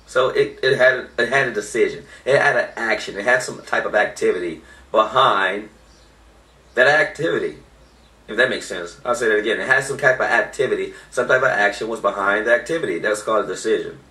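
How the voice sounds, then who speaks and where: A man's voice: lowish voice, fairly quick, pushed and bright, distant mic. A man giving an informal motivational talk, emphatic and repeating his key points. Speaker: motivational speaker. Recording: echoey room, voice off-mic.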